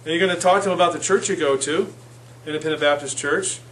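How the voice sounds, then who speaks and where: A man teaching phrases to a class in a relaxed, chatty way, often correcting himself as he goes. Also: on the high side, fast. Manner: casual, self-correcting, repeats phrases for the class. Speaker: church Spanish class teacher. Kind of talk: informal classroom lesson. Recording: distant mic with faint room noise.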